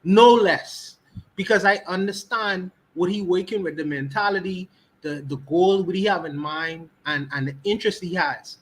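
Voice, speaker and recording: A man's voice: high voice, normal speed, a bit bright, slightly rough, rough recording. A Bahamian man with a Bahamian accent, speaking on a livestream podcast and repeating his key words for emphasis.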